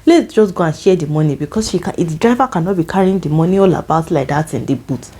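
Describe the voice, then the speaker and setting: Pushy, persuasive male taxi passenger, put on by a Nigerian woman, coaxing and insistent, warm tone. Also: on the low side, expressive, fast, husky.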